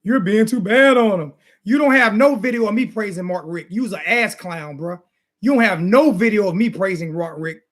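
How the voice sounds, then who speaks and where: A man's voice: high-pitched, lively intonation, normal speed. Fired-up man ranting about football. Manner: repetitive, insulting, fired-up ranting. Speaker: sports talk show host. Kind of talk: heated casual sports rant.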